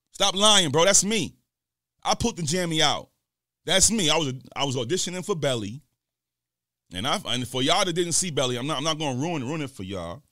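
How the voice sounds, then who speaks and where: A man tells stories on his podcast and jumps into quoted lines with loud bursts. His pitch swings widely from low mumbles to high exclamations. The sound is close and dry, with no room around it. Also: no echo. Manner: animated, acts out quoted dialogue in loud bursts. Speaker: podcast host. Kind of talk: casual storytelling.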